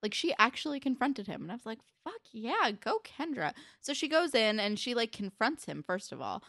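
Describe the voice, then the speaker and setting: A woman's voice: a little high, sing-song, a little fast, vocal fry, a bit bright, no echo, clean studio sound. A woman in her twenties co-hosting a podcast, chatting enthusiastically about a TV episode, full of casual fillers and swearing. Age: 20s. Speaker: podcast co-host. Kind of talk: casual recap chat.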